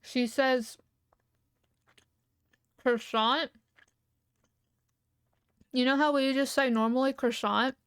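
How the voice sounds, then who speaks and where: Higher-voiced young woman chatting casually. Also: normal speed, few pauses, smooth, no echo. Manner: relaxed, rambling, hums and giggles often. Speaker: streamer. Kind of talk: casual livestream chat.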